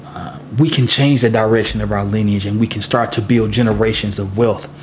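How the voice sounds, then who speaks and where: A man's voice: fairly low pitch, fairly even intonation, brisk, slight background noise. A middle-aged man hosting a solo podcast, talking in an earnest, reflective way and often repeating words as he thinks. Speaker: podcast host.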